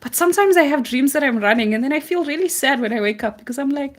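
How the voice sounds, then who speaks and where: A woman co-hosting a relaxed art livestream, chatting in a jokey, self-deprecating way while she paints. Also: on the high side, fast, hardly any pauses. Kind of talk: casual chat while painting.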